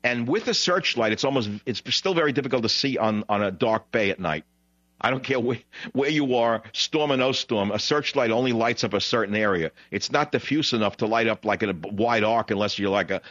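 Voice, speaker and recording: A man hosting a call-in radio show, telling a long rambling anecdote in a blunt, digressive way, his voice jumping high when he retells what others said. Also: expressive, brisk, a bit bright, no room sound, highs cut off. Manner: blunt, digressive, frequent "blah, blah, blah". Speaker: radio talk show host.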